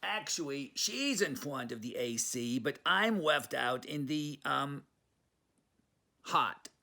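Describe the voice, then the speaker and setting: A man's voice: mid-range voice, expressive, takes it slowly, gravelly, sharp tone, pitched above the performer's own voice, exaggerated voice. A man doing a whiny Chihuahua. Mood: grumbling. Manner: raised, whiny and complaining. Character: fussy little male Chihuahua.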